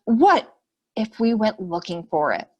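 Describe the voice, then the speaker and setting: A woman's voice: medium pitch, sing-song, measured pace, darkish tone, dull audio. A woman voicing a worried little bear in a picture book she reads aloud to small children, fretful and questioning.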